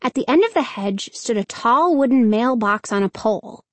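A woman narrating a children's novel in a measured storytelling delivery. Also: on the high side, expressive, no room sound. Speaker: audiobook narrator. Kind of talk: scripted narration.

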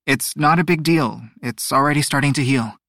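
A man's voice: on the high side, moderate pace, fairly bright tone, no room sound, studio quality. A man voicing a young demigod son who is guilty and defensive, speaking curtly and sheepishly. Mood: dismissive. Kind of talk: audiobook character voice.

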